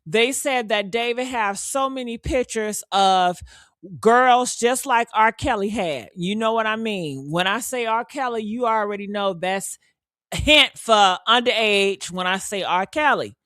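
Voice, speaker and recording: A woman hosting a reaction channel, talking in a heated, brash and profane way, calling her listeners honey and letting out loud whoops. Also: on the high side, unhurried, no echo, studio quality. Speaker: commentary channel host.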